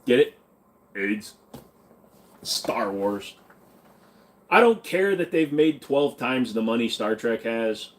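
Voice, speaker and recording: Animated, irreverent male livestream host. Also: mid-range voice, slow, long pauses. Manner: blunt, irreverent, riffs on viewer comments with silly voices. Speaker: livestream host reading chat. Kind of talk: casual livestream chat.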